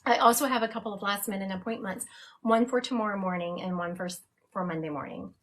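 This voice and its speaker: A woman's voice: medium pitch, fast. A woman hosting a live stream as a psychic medium, chatting casually and laughing at herself.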